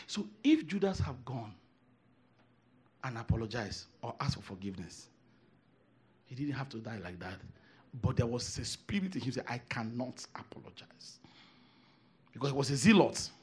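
A man preaching a sermon, emphatic, repeating phrases and swinging from hushed asides to shouted declarations. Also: medium pitch, big pitch swings, moderate pace, long pauses, a little hiss or hum.

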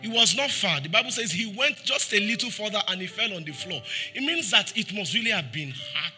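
Speaking a little fast with lively intonation, a Nigerian pastor delivers a sermon over soft background music. Rhetorical questions are aimed at the congregation, scripture quotes are acted out, and pleading lines sink soft and low.

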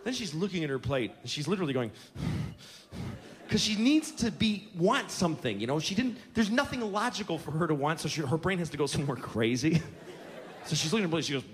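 A stand-up comedian in his forties tells exasperated, profane stories on a theater stage before an audience. His voice is a little high, with big pitch swings, and he talks fast. It's a live show with room noise.

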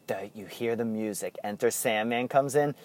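A middle-aged man, co-hosting a casual podcast and telling rambling stories in excited bursts. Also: on the low side. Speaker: podcast co-host. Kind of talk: casual chat.

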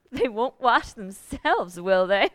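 An actress playing a gruff, bossy, middle-aged hired cook who talks in a blunt, folksy way, in 1940s radio acting. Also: female voice, a little high, very animated, slow pace, no room sound. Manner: blunt, folksy, ordering people about.

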